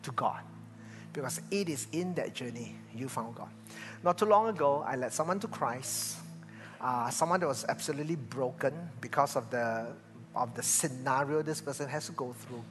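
An older man, a pastor, preaching a sermon and telling stories, swinging from loud to hushed. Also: mid-range voice, moderate pace. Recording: reverberant church hall with faint music.

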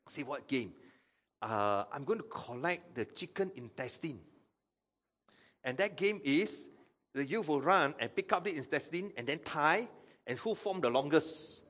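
A man's voice: on the high side, animated, normal speed, a bit bright. A man preaching a sermon as pastor, acting out Bible quotes and asking the audience questions.

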